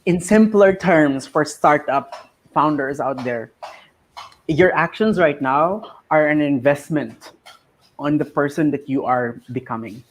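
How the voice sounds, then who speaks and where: A man's voice: on the high side, takes it slowly. A man in his thirties hosting a casual interview, sharing reflective advice and often repeating his words as he thinks. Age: 30s. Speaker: host.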